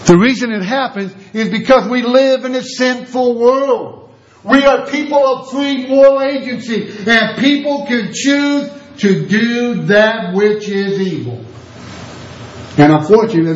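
A man's voice: unhurried, roomy sound, muffled recording. A man preaching a sermon with passion, firing rhetorical questions and swinging his voice up and down. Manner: impassioned, rhetorical questions, wide swings in pitch.

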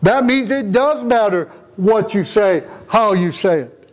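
Guy preaching, kinda high voice, earnest and emotional, keeps asking the crowd questions. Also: expressive, a little slow, rough recording. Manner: earnest, repeats rhetorical questions; emotional, tender-hearted delivery. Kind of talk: conversational sermon.

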